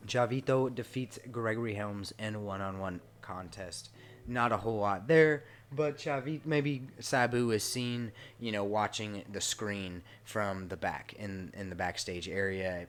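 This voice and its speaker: A man giving casual commentary over a wrestling game, chatty and rambling, with frequent swearing and asides. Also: medium pitch. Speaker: gaming channel host.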